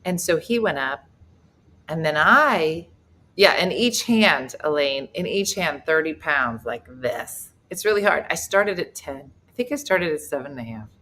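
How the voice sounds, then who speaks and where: A woman's voice: deep voice, animated, a little slow, bright, forceful tone. A middle-aged woman comedian and host, telling a self-mocking story in casual group chat and laughing as she goes. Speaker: comedian and talk show host.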